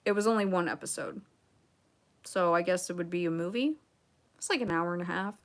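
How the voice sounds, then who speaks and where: A woman's voice: fairly low pitch, fairly quick. Blunt sarcastic woman streamer. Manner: sarcastic, blunt, rambling with asides. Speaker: livestream host reading chat. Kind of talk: casual livestream chat.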